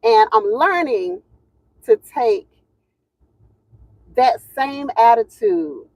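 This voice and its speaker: Chatty laughing woman, lively high voice. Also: drawn-out words, dry recording. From Southern United States. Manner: chatty, laughs often, drawling Southern phrasing. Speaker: livestream host greeting viewers. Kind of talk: casual livestream chat. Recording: dull lo-fi sound, dry room.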